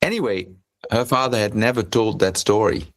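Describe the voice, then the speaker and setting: Co-host: man with a very deep voice, halting storyteller, dry close sound. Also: fairly bright tone, no echo. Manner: hesitant, with many restarts while telling a story. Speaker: podcast co-host. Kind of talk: storytelling in casual conversation.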